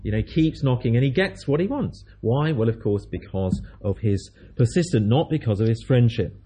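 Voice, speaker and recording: A man's voice: mid-range voice, lively intonation, normal speed, background noise. A man preaching a sermon, telling a story in a chatty way and acting out the voices of its people.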